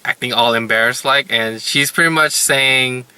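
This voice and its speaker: Bright-voiced man, rambling recap. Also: medium pitch, moderate pace, smooth, no room sound. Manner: rambling, heavy use of "like" and "you know". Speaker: anime reviewer. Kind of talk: casual episode recap.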